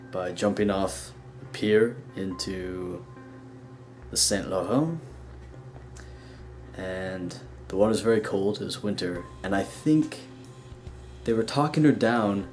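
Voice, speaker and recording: A man's voice: on the low side, a little mellow. Dry, wry young man vlogging. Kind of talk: casual personal storytelling.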